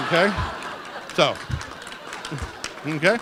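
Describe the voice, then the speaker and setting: A man's voice: mid-range voice, moderate pace, a crowd in the background. Dad of the bride, man in his 50s, folksy toast at a wedding party, keeps saying okay, holding a mic. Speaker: father of the bride giving a toast. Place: wedding reception hall. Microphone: handheld microphone.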